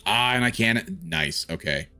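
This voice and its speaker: Male gaming streamer, deep voice, loose rambling commentary, faint music underneath. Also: animated, a little slow, sharp tone, smooth. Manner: thinks aloud, rambling with frequent restarts. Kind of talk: casual live gameplay commentary.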